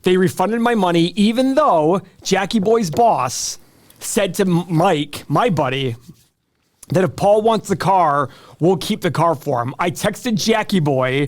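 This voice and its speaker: Male podcast co-host, chatty and animated, acts out every phone call he retells. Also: high-pitched, measured pace. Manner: animated storytelling, acting out quoted calls. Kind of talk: casual chat.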